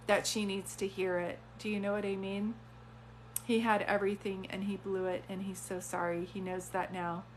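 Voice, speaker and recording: A woman's voice: medium pitch, a little hiss or hum. A woman working as a psychic medium, giving an earnest, conversational reading on a live stream. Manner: earnest, conversational, relays messages.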